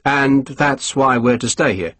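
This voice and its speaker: A man voicing a terse army lieutenant who answers in an even, quietly insolent voice. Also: on the high side, normal speed, slightly rough, voice pushed up, heavily acted.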